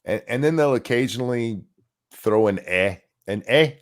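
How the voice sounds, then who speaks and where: A man's voice: medium pitch, expressive, moderate pace. A man co-hosting a casual podcast, ranting in a crude, mocking, profane way. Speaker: podcast co-host.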